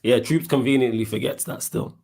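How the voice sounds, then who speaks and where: Fast-talking man in football banter. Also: mid-range voice. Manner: fast, animated, talks over others. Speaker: co-host. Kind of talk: casual live-stream football chat.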